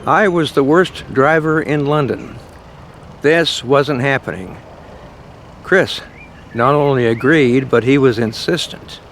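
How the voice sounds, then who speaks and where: Partly outdoors in a city, an older man tells the story of his trip for a travel vlog in a chatty, self-deprecating way. He speaks slowly in a medium-pitched, somewhat bright voice, with a little hiss or hum in the audio.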